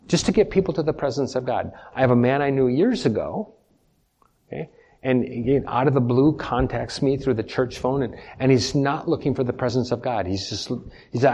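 A man's voice: mid-range voice, darkish tone, slightly rough. A man preaching a sermon as pastor, emphatic, repeating key points and putting questions to the congregation. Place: church.

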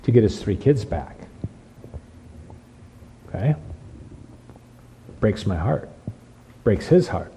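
A man's voice: lowish voice, mellow, a little hiss or hum, rough recording. A man preaching a sermon as pastor, emphatic, repeating phrases and restarting lines.

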